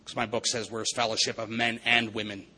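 A man's voice: on the low side, level tone, quick pace, bright, forceful tone, breathy edge, poor audio. A man giving an earnest, preacherly recovery testimony, repeating phrases for emphasis. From Vancouver area, Canada. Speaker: recovery meeting speaker.

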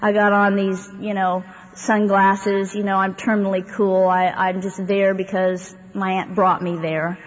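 In a flat, medium-pitched voice, a little slow and with few pauses, a woman tells her own story to a live audience at a recovery meeting. She's rambling and conversational, with lots of fillers and wry humor. The audio is a dull, echoey hall recording with faint hiss.

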